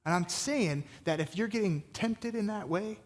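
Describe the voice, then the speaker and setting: Energetic preaching man in a reverberant church. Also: high-pitched, normal speed. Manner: energetic, conversational preaching with fillers. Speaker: pastor. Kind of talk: sermon.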